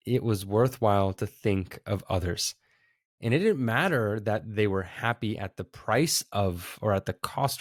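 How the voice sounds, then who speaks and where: A man's voice: lowish voice, no echo, studio quality. A man hosting a podcast who tells a spiritual story in an earnest, heartfelt way. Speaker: podcast host. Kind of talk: reflective storytelling talk.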